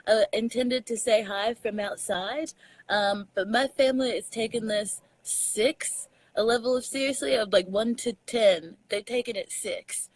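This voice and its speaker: A young adult woman from Texas with a Southern accent, chatting casually as a comedian guest, animated and laughing often. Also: on the high side, unhurried, dry recording, low-quality recording. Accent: Southern US, Texan. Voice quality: animated storyteller, laughs often, mixes in slang. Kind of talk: casual chat.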